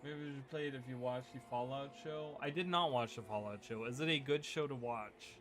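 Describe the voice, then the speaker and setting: A man's voice: medium pitch, a little fast, fairly bright tone, slight background noise. A man giving casual, rambling commentary while playing a video game, often restarting his sentences. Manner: rambling, chatty, many restarts. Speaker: gaming video creator. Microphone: USB desk microphone. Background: game music.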